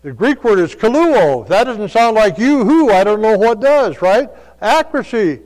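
Male preacher, fairly high voice, folksy storyteller, church hall reverb. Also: sing-song, normal speed. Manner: folksy storytelling, shifts between soft asides and loud calls. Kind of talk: sermon.

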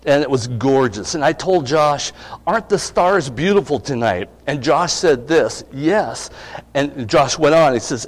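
A man's voice: mid-range voice, lively intonation, unhurried. A middle-aged male pastor preaching a sermon, conversational and asking his congregation questions. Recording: long reverb of a hall.

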